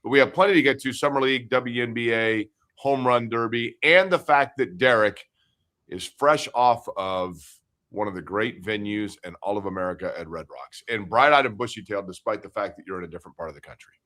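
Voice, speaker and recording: Bright chatty man hosting sports talk. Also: on the low side, a little fast. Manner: chatty, joking, rambling. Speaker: podcast co-host. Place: new home studio.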